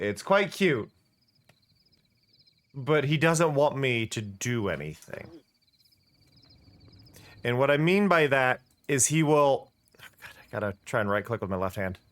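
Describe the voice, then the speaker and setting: Chatty, animated male streamer. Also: medium pitch. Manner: rambling, swearing, laughs often. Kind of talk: casual live-stream chat while gaming.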